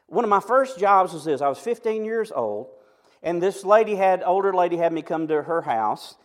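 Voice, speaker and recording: Animated high-voiced preacher in his fifties. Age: 50s. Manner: animated, storytelling preacher with asides and quick jokes. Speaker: pastor. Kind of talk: sermon.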